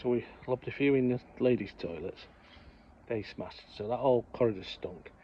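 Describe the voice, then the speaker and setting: A man chatting outdoors, laughing at his own tales as he tells them. His voice is mid-pitched and the recording sounds a bit dull, with faint ambience behind it. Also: normal speed, a little hiss or hum. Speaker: vlog co-host. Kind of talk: casual storytelling vlog. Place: outdoors on a hot sunny day.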